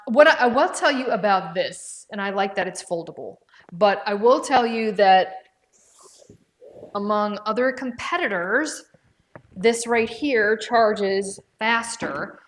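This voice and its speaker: A woman hosting a casual live stream from home, chatting with viewers by name and thinking aloud as she checks prices. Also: medium pitch. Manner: chatty, talks to viewers by name and reads out comments. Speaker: livestream product presenter. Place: indoors at home with her dog.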